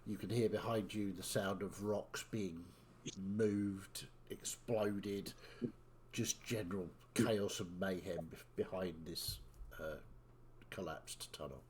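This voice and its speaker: Low-voiced man running a tabletop game. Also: steady tone, slow, darkish tone, slight background noise. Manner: loose, rambling narration with fillers. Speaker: dungeon master.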